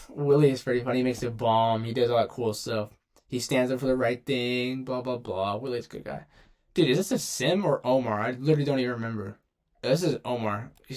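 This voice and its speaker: A man's voice: mid-range voice, a little mellow. A young man casually ranking game characters in a rambling, slangy commentary, often cutting himself off. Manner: rambling, slangy, self-interrupting. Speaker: gaming video creator. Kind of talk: casual tier-list commentary.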